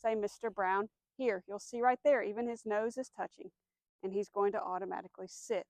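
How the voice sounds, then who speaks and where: A woman dog trainer giving a demonstration outdoors, explaining steps clearly, giving firm commands and soft praise to the dog. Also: mid-range voice, steady tone, a little fast, no echo.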